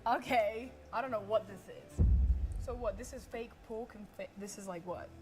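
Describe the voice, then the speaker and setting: A woman's voice: fairly high pitch, normal speed, music in the background. A woman from England with a Kent accent, chatting and giggling as a guest on a cooking video. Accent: English, Kent. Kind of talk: casual chat while cooking.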